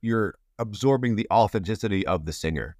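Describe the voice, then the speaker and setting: A man's voice: lowish voice, expressive, a little fast, a little mellow, no room sound, studio quality. A man hosting a casual interview, rambling and playful with lots of restarts. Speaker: podcast host. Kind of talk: casual conversation.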